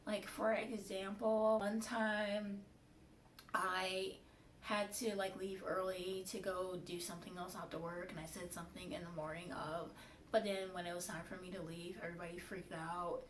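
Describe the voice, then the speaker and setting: A woman's voice: mid-range voice, level tone, moderate pace. A young woman vlogging in a candid, frustrated, chatty way about a bad job. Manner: candid, frustrated, lots of fillers. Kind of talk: casual venting monologue. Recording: roomy, distant, faint hiss.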